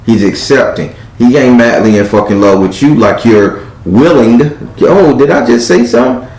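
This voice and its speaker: A man's voice: medium pitch, moderate pace, darkish tone. A man gives a live tarot reading in a mid-range voice. He speaks bluntly and profanely, acting out the lines he quotes. The room sounds echoey. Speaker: tarot card reader.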